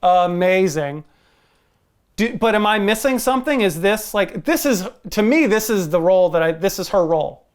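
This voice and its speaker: A man's voice: high voice, lively intonation, normal speed, smooth. A man co-hosting a movie review podcast, speaking casually with frequent restarts and laughter. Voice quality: hesitant, many restarts, laughs. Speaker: podcast co-host.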